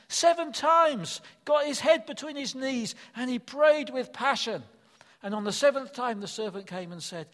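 A man's voice: very high voice, moderate pace, a bit bright, in a large hall. An older man preaching a sermon, earnest and emphatic, repeating his key phrases.

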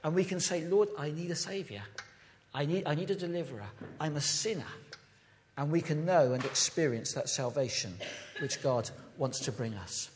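A man's voice: high voice, big-room sound, a little hiss or hum. A man from the United Kingdom giving an impassioned sermon as a pastor, recorded in a church. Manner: impassioned, emphatic preaching.

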